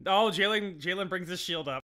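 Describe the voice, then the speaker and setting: A man at a tabletop game table eagerly says what his character does next. His voice sits slightly high and sounds bright and forceful. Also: fairly quick. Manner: eager, declares character actions. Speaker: player.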